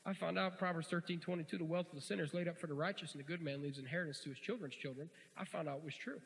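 Male preacher, folksy and joking, fairly high gravelly voice, ringing hall reverb. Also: racing. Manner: folksy, joking, swings from quiet asides to loud shouts. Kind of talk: sermon.

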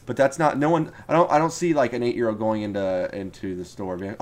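Fast-talking excitable man. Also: fairly low pitch, slight background noise. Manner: excitable, rambling, trails off and restarts. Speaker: podcast co-host. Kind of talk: casual gaming chat.

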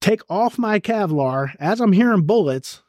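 A man's voice: sits high, expressive, a little slow, dry recording, studio quality. A middle-aged man, a retired army sergeant major, telling intense combat stories as a guest in an interview, blunt and profane. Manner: blunt, profane and vivid, acting out shouted orders. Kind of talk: intense war storytelling in a podcast interview.

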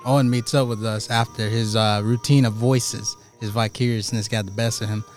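A man co-hosts a loose, crude podcast from somewhere outdoors at night. He jokes constantly and breaks into laughter between lines. Faint music sits low in the background. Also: steady tone, moderate pace. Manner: laughs often, jokey, crude. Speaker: podcast co-host. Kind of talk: casual chat.

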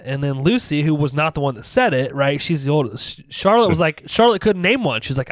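Higher-pitched man in his thirties, joking storyteller, dry close sound. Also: lively intonation, a little fast, hardly any pauses, dry recording. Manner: joking storyteller, acts out family dialogue. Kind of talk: casual chat.

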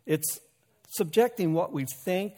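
A man's voice: sits high, measured pace, mellow. Folksy preaching man in a reverberant hall. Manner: folksy and conversational, with humor and asides to the congregation. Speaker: pastor. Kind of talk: sermon. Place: church sanctuary.

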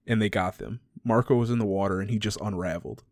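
A man's voice: lowish voice, fast talker, a little mellow, no echo, studio quality. A man chatting casually and retelling a story, laughing often and swearing freely.

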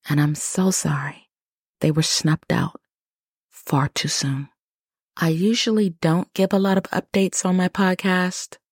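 A woman hosting a podcast at home, talking quietly and low so she won't wake her household. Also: no echo, clean studio sound. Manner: quiet and low, speaking softly. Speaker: podcast host. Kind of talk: podcast monologue. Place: home, early morning.

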